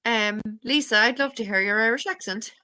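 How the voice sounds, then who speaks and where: A woman's voice: on the high side, fairly quick, bright, forceful tone. A woman hosting a casual live stream, reading out viewer comments and chatting. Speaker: host.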